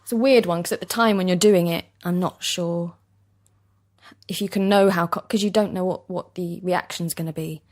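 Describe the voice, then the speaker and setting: A young woman with a soft East London accent, an actor chatting in an interview, laughing easily and self-deprecating. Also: lowish voice, steady tone, normal speed. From East London, England. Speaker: actor guest. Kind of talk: casual interview chat. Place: basement recording studio.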